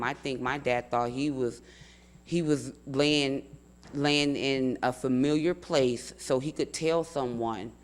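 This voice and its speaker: An earnest young man tells what happened in a steady, measured voice, going back over his words to stress them. His pitch sits in the ordinary middle range for a man. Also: slight background noise. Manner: earnest, measured, repeats himself for emphasis. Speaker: family member telling his account. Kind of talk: recounting in an interview.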